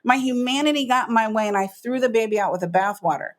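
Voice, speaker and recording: A woman's voice: a little high, fast. A middle-aged woman, a business coach, telling her story as a guest on an interview podcast, emphatic and acting out what people said. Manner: animated storyteller, acts out quoted voices, emphatic.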